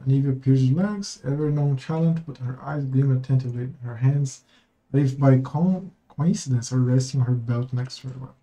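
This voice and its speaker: A man's voice: mid-range voice, a little fast, mellow, low-quality recording. A young man streaming a game, reading the dialogue and narration aloud in his own voice and dropping casual, swearing asides.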